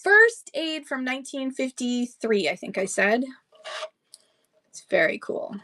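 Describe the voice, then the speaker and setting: A woman's voice: high-pitched, sing-song, unhurried, pushed and bright. A woman running a live-stream book sale, chatting casually with rambling asides and thanking buyers by name. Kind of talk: casual live-auction selling chat.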